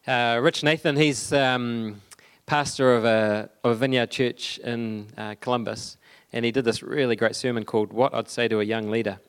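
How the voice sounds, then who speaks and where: A young man giving a conversational sermon, halting often with fillers and restarts. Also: mid-range voice, fairly even intonation, clean tone. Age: young adult. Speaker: preacher.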